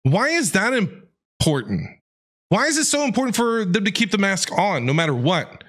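A man streaming and reacting to a game, animated, incredulous and joking. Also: sits high, normal speed. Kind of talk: casual gameplay reaction commentary.

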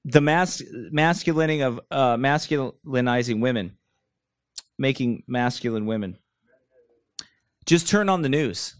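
A man's voice: medium pitch, expressive, a little slow, pauses often, clean tone, no echo, studio quality. A man preaching a sermon while seated, blunt and mocking, wandering off into stories. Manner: blunt, mocking, digressive preaching with put-on quoted voices. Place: church room, speaker seated.

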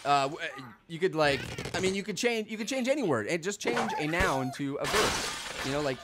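A young man's voice bounces wildly between low mumbles and high, excited yelps as he plays a game. His talk is a goofy ramble of nonsense, broken by sudden shouted outbursts. The recording carries a clear layer of background noise. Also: brisk. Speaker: gaming video host. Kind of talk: goofy let's-play commentary.

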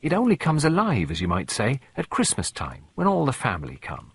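A man's voice: mid-range voice, wildly swooping pitch, a little fast, vocal fry, a little hiss or hum, pitched above the performer's own voice. A man doing a chatty homely old cook woman. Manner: rambling, confiding, fond of old ways.

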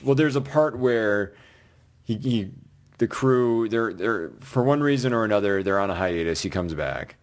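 A man's voice: lowish voice, animated, normal speed. A man co-hosting a casual podcast, giving a blunt, sarcastic movie review with lots of restarts. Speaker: podcast co-host.

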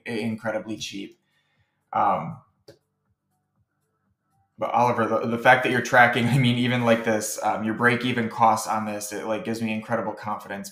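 A man's voice: fairly low pitch, fairly bright tone, reverberant. A man giving a client casual, rambling feedback as a business coach, full of fillers and restarts and easy chuckles. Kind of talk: casual recorded feedback message.

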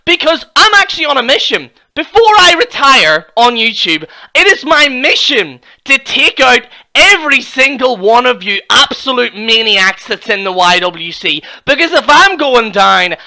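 A young Irish man, a wrestling YouTuber, ranting and mocking another channel in a profane, excitable reaction video. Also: extremely high pitch, normal speed, hardly any pauses. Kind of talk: reaction rant.

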